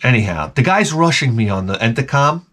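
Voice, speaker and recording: A man's voice: medium pitch, expressive, a little fast, bright, forceful tone. A man vlogging in a rambling, profane monologue, swearing often and breaking into mouth sound effects. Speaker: retro gaming vlogger.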